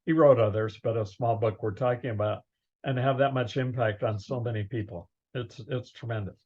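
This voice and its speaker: An older man, a guest in a casual interview, speaking in a plain, measured way. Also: medium pitch, fairly even intonation, a little mellow, lo-fi sound.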